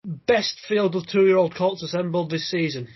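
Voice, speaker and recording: A man's voice: high voice, moderate pace, breathy edge, lo-fi sound. A man hosting a racing podcast, reading out runners and odds in a jokey way. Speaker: podcast host. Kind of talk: casual racing podcast chat.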